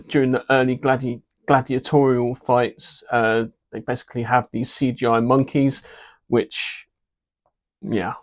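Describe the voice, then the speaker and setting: A man giving a casual, unscripted movie review, hesitant and filling pauses with ums and uhs while voicing frank opinions. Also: medium pitch.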